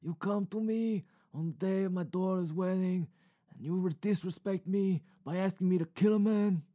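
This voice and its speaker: A man's voice: sits high, steady tone, normal speed, mellow, pitched above the performer's own voice, close to an everyday voice. A man doing an impression of an aging, grave mafia boss. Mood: menacing.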